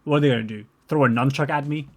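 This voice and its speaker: A man's voice: mid-range voice, racing, darkish tone. Sweary young australian man ranting. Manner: rambling, sweary, sarcastic. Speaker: commentary streamer. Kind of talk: casual reaction commentary.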